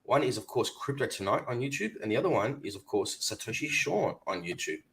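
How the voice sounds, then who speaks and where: A man co-hosting a live crypto stream, reading viewer comments and giving upbeat shout-outs. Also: medium pitch, very animated, fairly quick, a little hiss or hum. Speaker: co-host reading live chat. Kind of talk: casual live-stream chat.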